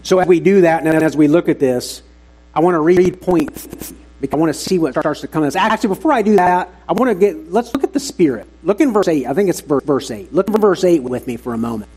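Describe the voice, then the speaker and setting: A man's voice: on the high side, animated, brisk, darkish tone, breathy edge, poor audio. A man preaching an earnest, emphatic sermon to his congregation at a church service.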